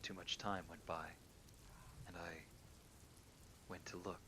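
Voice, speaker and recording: A man calmly reading true horror stories aloud, sometimes dropping to a hushed near-whisper. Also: takes it slowly, background noise. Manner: calm, low-key reading that drops into hushed near-whispers. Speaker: horror story reader.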